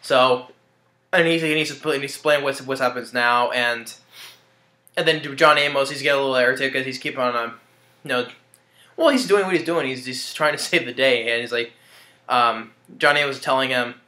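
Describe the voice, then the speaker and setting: Here a man gives a casual spoken review, loosely recapping a movie while he restarts often, hesitates and chuckles. His mid-range voice is brisk, pushed and bright, and the recording carries a roomy echo.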